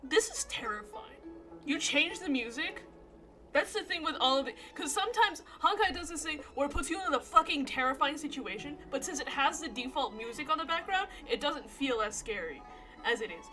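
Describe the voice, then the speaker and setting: Young woman streamer, high animated voice, nervous and swearing through gameplay. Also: a little fast, soft background music. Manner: jumpy, swears, laughs nervously. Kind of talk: live gameplay commentary.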